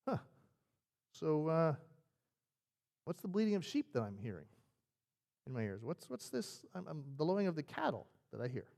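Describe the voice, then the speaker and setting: A preacher voicing a wry, stern older prophet who asks quiet, pointed questions. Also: male voice, on the high side, very animated, moderate pace, vocal fry, long pauses, long reverb tail.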